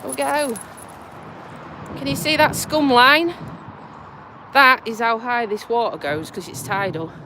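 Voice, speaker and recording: Walking by a tidal river bridge, this Lincolnshire-born vlogger and community nurse live-streams in her local accent, chatty and blunt with casual swearing, breathless and congested from a cold. Her voice is on the high side and sing-song, at a measured pace, against a noisy background.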